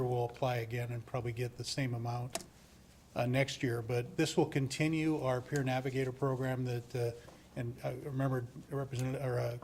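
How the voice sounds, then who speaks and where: A male judge presents to a city council, pausing and restarting as he goes. His voice is flat and even, medium in pitch. A faint room noise runs under the meeting-hall sound. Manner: measured, flat delivery with frequent restarts. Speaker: municipal court judge. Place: council chamber.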